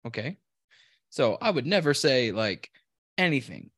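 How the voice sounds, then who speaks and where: A man's voice: mid-range voice, sing-song, a little slow, fairly bright tone, dry recording. A man in a mid-range voice winding through a long anecdote, swearing freely and poking fun at himself. His voice is close and dry on a podcast microphone, and he talks with loose, easy pacing. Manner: rambling storyteller, profane and self-deprecating. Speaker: podcast co-host. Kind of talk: casual chat.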